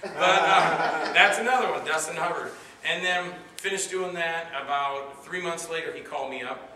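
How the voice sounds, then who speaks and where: A man's voice: a little high, moderate pace, bright, forceful tone. Rambling man telling stories in an echoey hall. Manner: rambling anecdotes with many fillers, acting out quoted voices. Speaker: actor answering audience questions. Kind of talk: storytelling Q&A at a convention panel. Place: convention hall with audience. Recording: echoey hall, mic far off, noisy.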